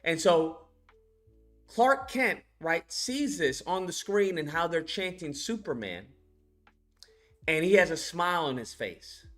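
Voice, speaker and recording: A man's voice: on the high side, animated, slow, a bit bright, soft background music. A man casually recapping a movie in a rambling, crude rant full of fillers. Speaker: movie reviewer. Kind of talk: casual ranting film recap.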